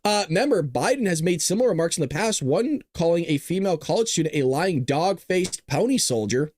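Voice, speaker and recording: A man hosting a live political commentary show, talking in an animated, sarcastic way with laughing asides. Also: a little high, brisk. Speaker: host.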